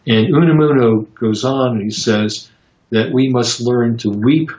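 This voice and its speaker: A man answering interview questions about psychotherapy in a halting, reflective way, with many fillers and restarts as he tells stories. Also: mid-range voice, darkish tone. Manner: reflective storytelling. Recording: roomy, dull lo-fi sound.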